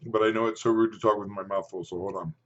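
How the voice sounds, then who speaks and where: Man, 50s, low-pitched, casual eating vlog, rambling chat, dull lo-fi sound. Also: steady tone, fairly bright tone. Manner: rambling, chatty, with pauses to chew. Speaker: food and fitness vlogger. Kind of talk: casual talk to camera while eating.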